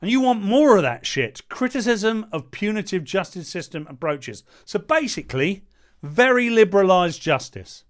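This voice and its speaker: A man delivers a heated commentary in a high voice. He reads a point aloud, then tears into it with sarcasm and blunt insults. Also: sing-song, moderate pace. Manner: sarcastic, mocking, hurls insults. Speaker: political commentator. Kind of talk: ranting commentary.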